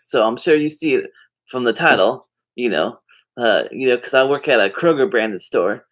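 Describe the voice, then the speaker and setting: A man's voice: mid-range voice, normal speed, fairly bright tone. Rambling laid-back man vlogging. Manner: meandering, filler-heavy, drifts off topic; laid-back slangy talk. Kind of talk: casual rambling monologue to camera.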